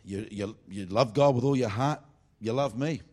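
A man preaching a revival sermon, swinging between loud fervent bursts and low confiding asides. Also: moderate pace. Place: church meeting.

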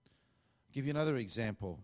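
A man's voice: mid-range voice, expressive, a little fast, a little mellow. A middle-aged man, preaching a sermon as a pastor and telling a story with lots of quoted dialogue. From Australia.

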